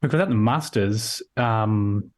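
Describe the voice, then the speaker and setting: A man's voice: on the low side, takes it slowly. Rambling Australian man on a video call. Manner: rambling, with many restarts and "like". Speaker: guest. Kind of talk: casual conversational interview.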